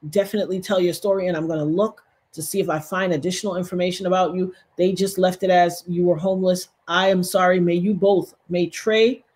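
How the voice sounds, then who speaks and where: Animated woman hosting a livestream. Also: on the low side, fairly quick. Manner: animated, talks straight to viewers, reads chat aloud. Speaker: livestream host. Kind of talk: casual livestream commentary.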